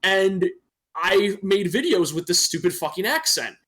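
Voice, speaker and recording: On a podcast stream, a young Michigan man co-hosts a casual chat via a desktop mic, making profane, self-mocking jokes and laughing. He speaks at a measured pace with a high, expressive, slightly bright voice.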